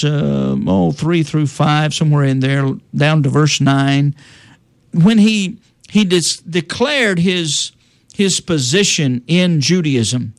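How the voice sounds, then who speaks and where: A man's voice: a little high, dry recording. A middle-aged man explaining salvation in a conversational teaching style, often restarting sentences and quoting scripture in old-fashioned wording. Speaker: preacher.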